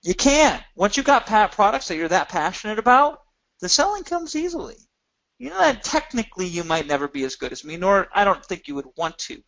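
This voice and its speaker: Emphatic man giving a sales webinar, muffled. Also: brisk. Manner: energetic, emphatic, swings pitch up for emphasis. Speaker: webinar presenter. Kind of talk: sales pitch.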